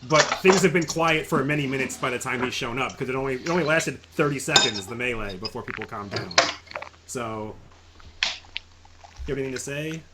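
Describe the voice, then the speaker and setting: A man's voice: mid-range voice, fairly quick, very noisy. A man narrating a tabletop game as game master, talking casually with frequent stammers and restarts.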